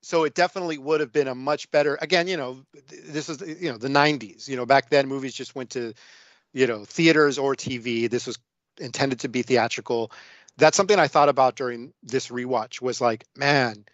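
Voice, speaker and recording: A man's voice: medium pitch, fairly even intonation, fairly quick, a bit bright, dry recording, highs cut off. A man telling a long rambling story in a casual podcast film chat, with lots of fillers and restarts. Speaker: guest film discussant.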